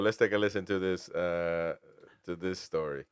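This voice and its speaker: A man's voice: deep voice, steady tone, moderate pace, clean tone, dry recording, studio quality. A man hosting casual football talk, rambling with restarts and throwing in "man". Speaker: host.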